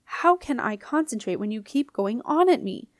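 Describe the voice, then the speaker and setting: Woman reader as young ghost queen mother: insistent, crisply cross, dry close mic. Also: a little high, animated, moderate pace, dry recording, lightly acted.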